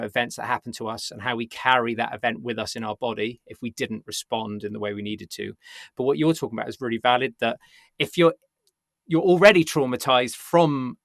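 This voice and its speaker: A talk show host responds thoughtfully to his guest, often ending his points with tag questions. He speaks quickly, in a bright, gravelly voice. The sound is dry and close to the mic. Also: medium pitch, dry recording. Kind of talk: reflective interview commentary.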